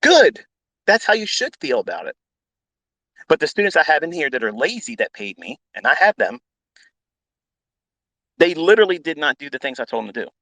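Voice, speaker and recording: A man's voice: medium pitch, a bit bright, no echo, rough recording. A man teaching trading as a mentor, ranting bluntly with heavy swearing and repetition. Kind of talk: unscripted profane rant.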